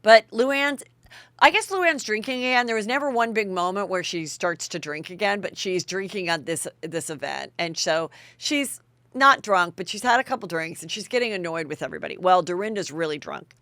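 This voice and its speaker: A woman's voice: mid-range voice, animated, normal speed, a bit bright, no room sound. A woman hosting a podcast, chatting gossip with sarcastic asides. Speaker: podcast host. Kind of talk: gossip commentary.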